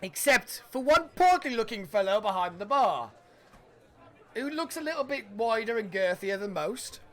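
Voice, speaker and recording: A man narrating as game master in a casual, halting way. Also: high voice, sing-song, bright, forceful tone.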